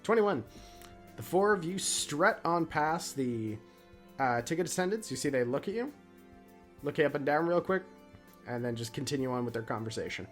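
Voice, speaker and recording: A man's voice: fairly high pitch, lively intonation, normal speed, soft background music. Easygoing male dungeon master. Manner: laid-back, hesitant narration with many fillers. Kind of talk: narrating a tabletop game.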